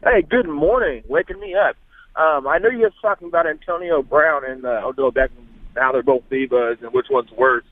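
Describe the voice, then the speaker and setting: A man calling into a sports radio show over a tinny phone line, pressing his opinion earnestly and restarting his sentences as he goes. His voice sits a bit high and sounds dry and close to the phone. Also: fairly quick, no echo. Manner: earnest, arguing his point with repeated restarts. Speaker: caller. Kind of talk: call-in opinion.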